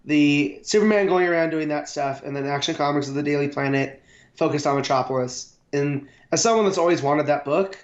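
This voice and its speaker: A man co-hosting a casual comic book review podcast, giving his opinions in a relaxed, agreeable way. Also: on the high side, a little fast. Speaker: podcast co-host. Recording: roomy, dull lo-fi sound.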